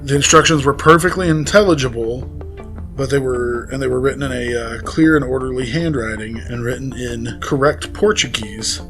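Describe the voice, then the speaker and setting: A man's voice: mid-range voice, moderate pace, a bit bright, soft background music. A man co-hosting a podcast, casually retelling a case with fillers and laughs. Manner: conversational storytelling with fillers and laughs. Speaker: podcast co-host. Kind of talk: casual chat.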